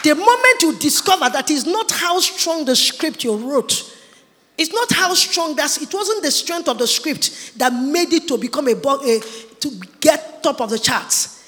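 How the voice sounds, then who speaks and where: Taking her time, a woman gives a sermon with a forceful, high and bright voice that carries long reverb in a big hall. She speaks emphatically and animatedly, sometimes mimicking others.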